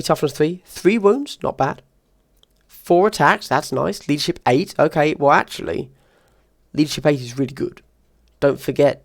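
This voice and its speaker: Gravelly-voiced man musing over game rules. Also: mid-range voice, no room sound, studio quality. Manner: chatty, weighs options out loud with quick asides. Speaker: tabletop wargame reviewer. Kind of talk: casual rules review, thinking aloud.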